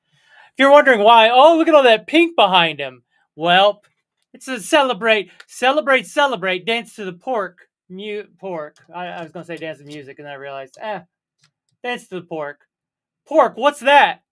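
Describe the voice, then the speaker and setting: A fairly high-voiced young man chats alone to his livestream audience. He rambles, mocks himself and throws in wry jokes. He talks in a loose, unscripted way. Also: a bit bright. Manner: rambling, self-mocking, jokey asides. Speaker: livestream host. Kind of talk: casual solo livestream chat.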